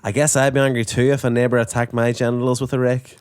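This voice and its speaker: A performer reading the part of a deadpan schoolteacher in her thirties, making crude quips in a comedy script read-through. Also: medium pitch, quick pace, clear, resonant tone, no room sound, studio quality, pitched below the performer's own voice, natural voice.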